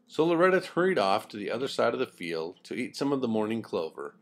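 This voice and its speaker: Older man narrating an expressive storybook. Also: medium pitch, quick pace.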